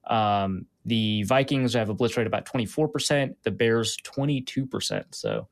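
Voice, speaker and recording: A man's voice: on the low side, sing-song, moderate pace, gravelly, dry recording. A man hosting a casual football podcast, walking through stats with frequent "uh" and "um" fillers. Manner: stat-heavy, many "uh" and "um" fillers. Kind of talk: casual football analysis chat.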